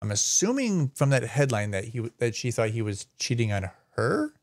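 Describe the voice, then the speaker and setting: A man's voice: medium pitch, sing-song, normal speed, a little mellow. A man hosting a live stream, casually reading a news story aloud, rambling and stumbling over names, sometimes swearing. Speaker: streamer host.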